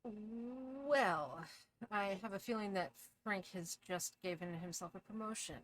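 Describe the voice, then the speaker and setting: A woman's voice: mid-range voice, a little slow, slight background noise. A woman playing a tabletop game, speaking in character in a wry, blunt way. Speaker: player.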